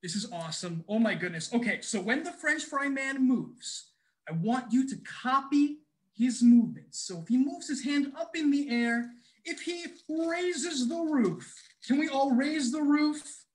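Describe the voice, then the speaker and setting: A bubbly big brother with a lively, bouncing voice that swoops up and down, hyping the kids, as a man acts him out. He eggs them on with a playful, encouraging tone, the way a children's show leader keeps a crowd moving. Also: very high-pitched, a little slow, low-quality recording. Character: excitable big brother with French fries. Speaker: stage performer leading children. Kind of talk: interactive children's musical. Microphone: video call.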